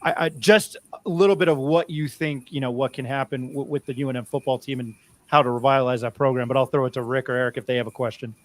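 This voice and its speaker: A man's voice: mid-range voice, fairly even intonation, fast talker, dry recording. A man hosting a sports talk show, chatting in a chummy, rambling way while interviewing a guest. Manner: rambling, chummy, restarts often. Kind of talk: casual interview chat.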